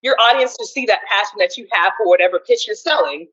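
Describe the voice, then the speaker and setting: A woman giving a college seminar talk on communication, loud and energetic. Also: mid-range voice, fast talker, breathy edge, highs cut off. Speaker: seminar presenter.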